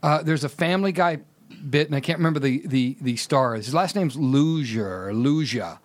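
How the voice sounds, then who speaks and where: A man's voice: fairly high pitch, normal speed. A man hosting a casual chat, rambling and stumbling over his words, laughing a lot. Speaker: host.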